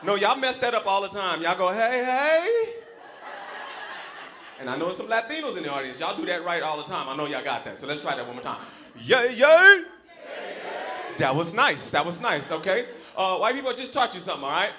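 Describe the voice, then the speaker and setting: A man from South Central Los Angeles doing a loud, animated stand-up set, acting out characters. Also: sits high, fast talker, few pauses, echoey room. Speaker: stand-up comedian. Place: comedy club stage. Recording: live club crowd noise. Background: laughing club audience.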